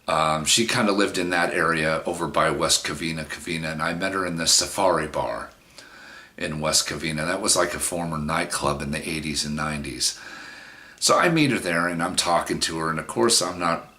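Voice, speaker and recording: A man's voice: very deep voice, moderate pace, sharp tone. A middle-aged man telling a personal story in a rambling, frank and profane way, with many restarts. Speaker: vlogger. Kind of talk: casual storytelling monologue.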